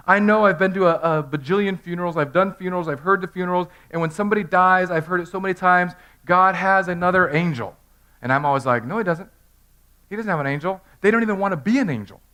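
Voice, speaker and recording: A man in his thirties preaching an animated Easter sermon in a church, telling the story with humor and acting out voices. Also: a little high. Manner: storytelling, acts out characters in funny voices. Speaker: pastor. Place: church sanctuary.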